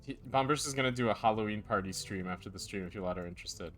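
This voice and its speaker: A man's voice: on the low side, racing, a bit bright, soft background music. Jokey male streamer. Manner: jokey, giggly, playful. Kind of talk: casual game-playing chat, reading lines in silly accents.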